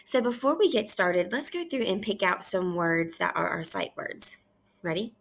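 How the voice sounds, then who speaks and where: A woman teaching kindergarten, reading aloud slowly and clearly in a repeat-after-me lesson from her kitchen at home. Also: lowish voice, animated, a bit bright, a little hiss or hum. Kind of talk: slow read-aloud lesson for young children.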